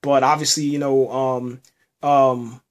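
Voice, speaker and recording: A man hosting a podcast, recapping a TV episode in a loose, halting way, often restarting and tacking "man" onto his sentences. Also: medium pitch, level tone, lo-fi sound. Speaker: podcast host reviewing a TV episode. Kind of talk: casual spoken review.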